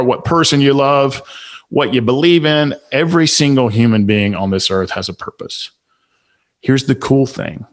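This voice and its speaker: Preachy Southern man giving motivational advice. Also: lowish voice. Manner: preachy, emphatic, fires off rhetorical questions. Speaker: guest author and speaker. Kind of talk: motivational podcast interview.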